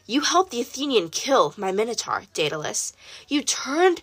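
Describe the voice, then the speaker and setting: A woman's voice: on the high side, sing-song, moderate pace, fairly bright tone, slightly rough, full character voice. A woman voicing a cold, cruel king. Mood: cold menace. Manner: cold, menacing, taunting. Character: cruel arrogant king, grown man.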